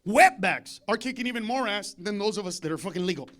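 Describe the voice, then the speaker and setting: Stand-up comic, man, very high voice; rowdy, foul-mouthed, veers from shouted bits to muttered asides on a club stage. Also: lively intonation, fast. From United States. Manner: loud, profane, swings between shouting and muttering asides. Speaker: stand-up comedian. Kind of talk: stand-up comedy set.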